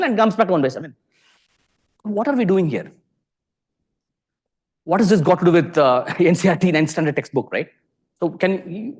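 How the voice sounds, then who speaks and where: A man with an Indian English accent giving a lecture to a live audience in a lecture hall. He keeps asking the room questions. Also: high voice. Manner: animated, peppers sentences with rhetorical questions.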